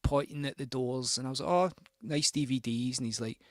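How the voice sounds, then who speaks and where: A man's voice: mid-range voice, fairly even intonation, a little fast, no room sound, studio quality. Rambling man telling a story. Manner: rambling, swearing, self-mocking storyteller. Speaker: radio host spinning records. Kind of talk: casual anecdote between records.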